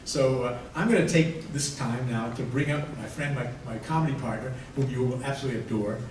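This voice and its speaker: A man in his sixties, a rabbi doing stand-up comedy, telling jokes dryly with pauses before punchlines. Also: mid-range voice, darkish tone. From United States. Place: large hall with audience. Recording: echoey hall from far off, room noise.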